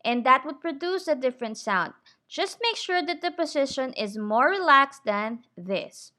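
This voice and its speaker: In a slow, clear English pronunciation lesson, a woman patiently drills words slowly and deliberately, often checking in with "okay?" Her voice is high-pitched, pushed and bright, with lively intonation.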